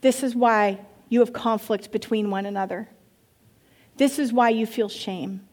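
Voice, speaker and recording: A woman's voice: fairly high pitch, unhurried, a little mellow. A woman pastor giving a sermon, reading scripture and breaking into conversational, playful asides.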